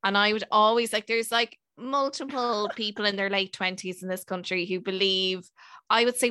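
A woman in her thirties hosting a podcast, telling a story in a chatty, self-mocking way with quick asides. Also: mid-range voice, steady tone, bright, forceful tone, smooth, no room sound. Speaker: podcast host. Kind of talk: casual chat and storytelling.

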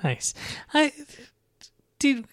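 A man's voice: drawn-out words, a bit bright, no echo. A man co-hosting a podcast in casual chat, giving dry, wry short replies. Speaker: podcast co-host.

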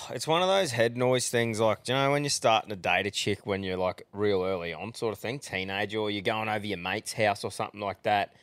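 A man's voice: fairly low pitch, a bit bright, clear, resonant tone, no echo. A man from Central Queensland with a broad Australian accent, co-hosting a casual podcast, blokey and sweary, often laughing. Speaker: podcast co-host.

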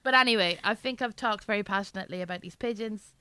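A woman's voice: mid-range voice, quick pace, bright, forceful tone, clear, resonant tone, no room sound. A woman chatting on a comedy podcast, rambling and self-mocking as she tells a story, often breaking into laughter. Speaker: guest reviewer. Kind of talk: comic podcast chat.

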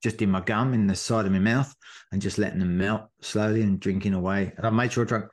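Lively man telling a race story. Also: fairly low pitch, fast. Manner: animated storyteller, acts out shouts and quotes. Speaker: podcast co-host, marathon runner. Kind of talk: casual chat recounting a race.

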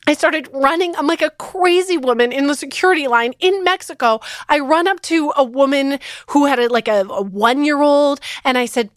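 High-voiced woman host telling a fired-up story. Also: normal speed, few pauses, no room sound, studio quality. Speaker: podcast host. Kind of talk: animated storytelling.

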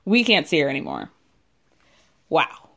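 A woman's voice: low voice, wildly swooping pitch, a little slow, gravelly, fairly bright tone. A young woman casually recapping a reality show in a chatty, gossipy way, often laughing and acting out what people said.

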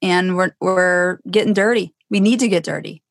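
A woman's voice: fairly low pitch, normal speed, creaky, no echo, studio quality. A woman hosting an interview who encourages her guest and sums up what the guest has said. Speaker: interview host.

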